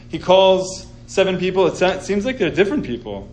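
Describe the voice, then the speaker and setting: A man teaching an informal scripture class, telling the story with animated sarcasm. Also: high-pitched, normal speed, echoey room, slight background noise, rough recording.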